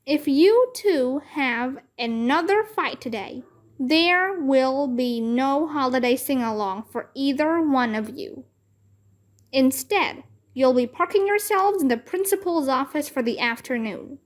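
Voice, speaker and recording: A woman voicing a strict but patient male schoolteacher who corrects grammar slowly and firmly in a children's book read-aloud. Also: high-pitched, expressive. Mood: stern. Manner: slow, correcting, measured. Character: strict patient male first-grade teacher.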